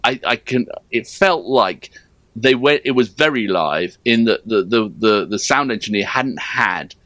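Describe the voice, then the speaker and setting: Lively rambling male co-host, dry sound. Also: fairly low pitch, measured pace, no room sound. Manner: rambling, full of "you know" and "like". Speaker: co-host of a music reaction channel. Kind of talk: casual chat.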